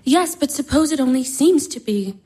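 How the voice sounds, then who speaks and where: An actress playing a wistful, unhappy young woman of twenty who speaks softly and broodingly. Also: high-pitched, expressive, normal speed. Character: wistful young sister, restless and sad. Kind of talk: stage drama acting.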